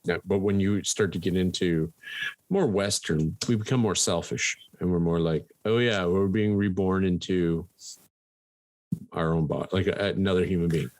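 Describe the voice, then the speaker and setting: A man's voice: deep voice, moderate pace, a little mellow, dry recording. A man co-hosting a podcast, chatting casually, swearing and laughing often. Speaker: podcast co-host. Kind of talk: casual chat.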